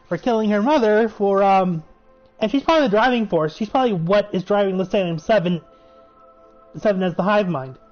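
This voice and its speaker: A man giving a chatty, excitable recap of a show episode. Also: high-pitched. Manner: chatty, excitable, laughs while retelling. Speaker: show reviewer. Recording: muffled recording with faint music.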